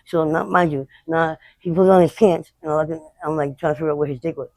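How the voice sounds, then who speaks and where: A woman interviewed outdoors on the street, recounting her experiences in a blunt, unfiltered way with halting restarts. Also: sits low, steady tone, darkish tone, dry recording, poor audio. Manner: rapid, halting retelling. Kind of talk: candid personal storytelling.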